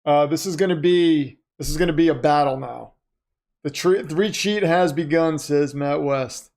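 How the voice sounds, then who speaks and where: A man's voice: on the high side, moderate pace, creaky, a little mellow. A man hosting a live stream, chatting casually, reading out viewer comments and calling plays as they happen. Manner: chatty, reads viewer comments aloud, muses off-topic. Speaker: livestream host reacting to a football game.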